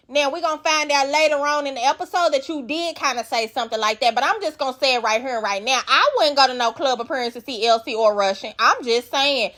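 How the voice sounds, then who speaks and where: A woman's voice: high voice, fast, few pauses, fairly bright tone. A woman recapping a reality show, blunt, profane and opinionated. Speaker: recap vlogger.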